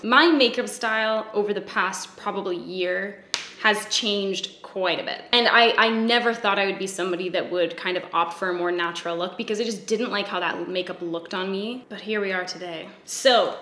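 A woman's voice: medium pitch, fairly bright tone. A young woman telling a long, candid story on her beauty vlog, chatty and casually swearing. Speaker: beauty vlogger. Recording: echoey room.

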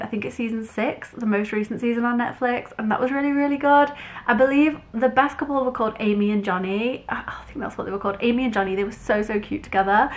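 A young woman with an English accent chatting casually to a handheld camera as a lifestyle vlogger, gushing and filling her talk with "literally" and "like.". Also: on the high side. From England. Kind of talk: casual vlog chat to camera.

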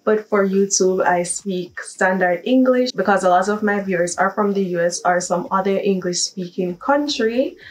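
A woman's voice: lowish voice, distant mic, low-quality recording. A young woman with a Jamaican accent, chatting upbeat in a casual accent-tag vlog. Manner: chatty and upbeat, switching into patois. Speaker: vlogger.

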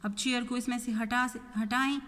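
Woman teacher, fairly high voice, reads each line slow and twice, long reverb around her. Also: steady tone, fairly bright tone. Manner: slow, deliberate repetition of sentences, mixing in Hindi-Urdu explanations. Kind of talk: grade-one English lesson.

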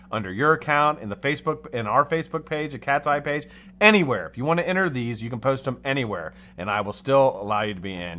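An American man hosting a casual live stream, chatty and animated, greeting chat and swearing freely. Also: medium pitch. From United States. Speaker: livestream host.

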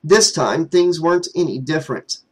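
A man's voice: fairly high pitch, moderate pace, husky, low-quality recording. A man narrating a fan novel as an audiobook, reading steadily.

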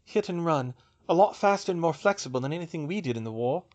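A man voicing a quick-minded young witch who reasons things out aloud in a raised, lighter voice. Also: a little high, lively intonation, a little mellow, dull audio, pitched above the performer's own voice, close to an everyday voice. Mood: analytical.

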